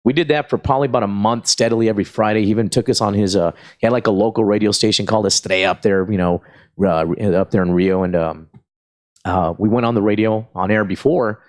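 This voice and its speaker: A middle-aged man from South Texas, a comedian guest chatting casually and telling animated stories, full of fillers and acted-out voices. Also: on the low side, fast talker. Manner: animated storyteller, acts out voices, frequent fillers. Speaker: stand-up comedian, podcast guest. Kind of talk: casual storytelling chat.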